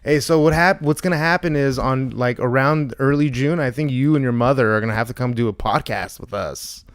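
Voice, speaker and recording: A man in his mid-thirties talking loosely on a podcast over a video call, clear and smooth in tone at an ordinary middle pitch. He jokes, swears and slips into acting out both sides of little exchanges. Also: a little fast. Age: 30s. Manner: joking, swearing, acts out quoted exchanges. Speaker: podcast co-host. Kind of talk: casual podcast chat.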